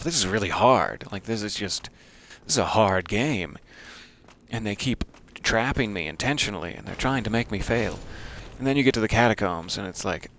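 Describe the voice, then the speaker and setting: A man's voice: lowish voice, a bit bright. A man giving wry, self-deprecating commentary while playing a video game. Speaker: game streamer. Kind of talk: let's-play commentary.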